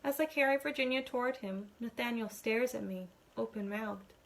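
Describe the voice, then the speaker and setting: A woman teacher reading a novel aloud to her class, expressive, giving the characters their own voices. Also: fairly high pitch, moderate pace. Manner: expressive storytelling, voicing the dialogue.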